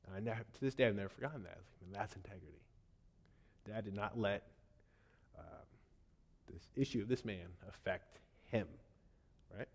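A man in his thirties giving a testimony in a sermon, telling a story with animated swings between loud and soft, then reciting a poem. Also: fairly low pitch, brisk, pauses often. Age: 30s. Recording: long hall reverb.

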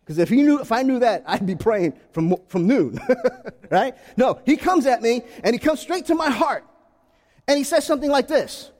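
A man preaching a sermon to his congregation in a lively, animated way, asking rhetorical questions and acting out short exchanges. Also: extremely high pitch, normal speed, long reverb tail.

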